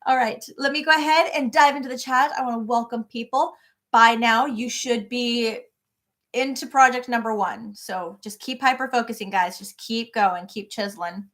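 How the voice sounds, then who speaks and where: A woman's voice: on the high side, steady tone, normal speed, fairly bright tone. Bubbly woman hosting a home live stream. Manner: bubbly, greets viewers by name. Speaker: crochet live-stream host. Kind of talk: casual live-stream chat. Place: home office.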